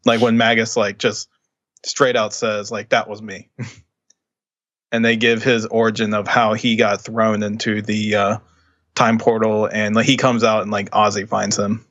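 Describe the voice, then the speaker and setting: Dude explaining game story w/ lots of uh and um, kinda dull sound. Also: male voice, fairly low pitch, little pitch movement, a little slow, a bit bright. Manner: explains game lore, hesitant fillers. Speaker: podcast co-host. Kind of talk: casual game discussion.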